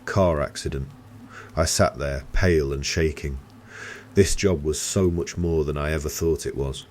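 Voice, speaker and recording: A man with an extremely deep, low voice reads a scripted horror story in the first person. His delivery is steady and tense, and a faint hiss of noise sits under the voice. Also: unhurried.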